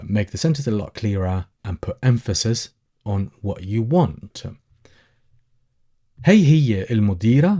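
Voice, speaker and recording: A man gives a language lesson in a low voice whose pitch rises and falls a great deal. He explains patiently and says each example phrase more than once. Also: mellow, breathy edge. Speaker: Arabic teacher.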